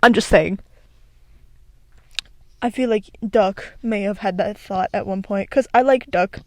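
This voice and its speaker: A woman's voice: medium pitch, measured pace, warm tone, no room sound. A young woman chatting casually on her own into a desk microphone, rambling and giggling with many restarts. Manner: rambling, giggly, self-interrupting. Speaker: video creator. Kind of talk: casual solo commentary. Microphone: desk microphone with echo filter.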